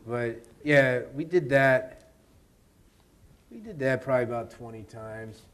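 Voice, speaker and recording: A man, an actor, telling a lively anecdote in an interview at a university event, laughing and mimicking the people in it. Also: mid-range voice, measured pace. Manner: animated, laughing storyteller who mimics others.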